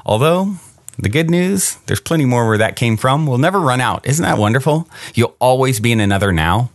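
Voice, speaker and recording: A man hosts a reflective solo podcast, speaking earnestly and encouragingly while posing rhetorical questions to his listeners. His mid-range voice moves briskly with lively intonation, and the recording is dry.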